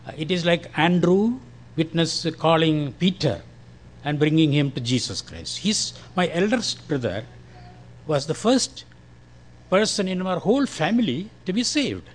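Older Indian man speaking slowly. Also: on the high side, animated. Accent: Indian, Malayalam-influenced. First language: Malayalam. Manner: slow, careful, friendly with short laughs. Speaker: guest speaker giving testimony. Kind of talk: church testimony talk.

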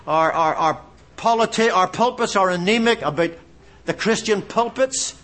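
A man's voice: high voice, moderate pace, fairly bright tone. A man from Canada preaching a sermon, impassioned, asking rhetorical questions and repeating phrases for emphasis.

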